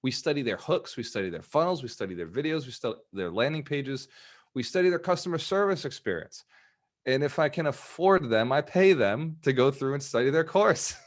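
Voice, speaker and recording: A man coaching a live online group, energetic and repetitive, often laughing as he talks. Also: medium pitch, brisk. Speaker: business coach.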